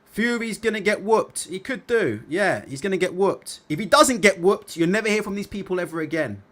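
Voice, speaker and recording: A man hosting a casual livestream, reading viewer comments aloud and chatting about them in an animated way. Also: high voice, normal speed. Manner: animated, repeats tag questions. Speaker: boxing livestream host.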